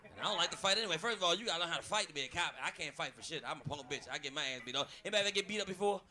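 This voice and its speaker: A man performing a crude stand-up comedy set, telling loud stories on a club stage. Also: fairly high pitch, expressive, rapid-fire.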